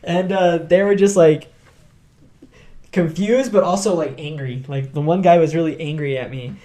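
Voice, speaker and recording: A young man hosting a podcast, telling stories in a casual, animated way, acting out quotes and laughing often. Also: on the high side, normal speed. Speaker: podcast host. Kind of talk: casual storytelling chat.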